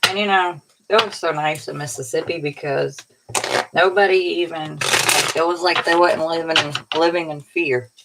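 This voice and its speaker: A woman's voice: low-pitched, steady tone, normal speed, heavy background noise. A woman tarot reader giving a casual, rambling spiritual pep talk in a colloquial way, sounding tired. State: tired, yawning.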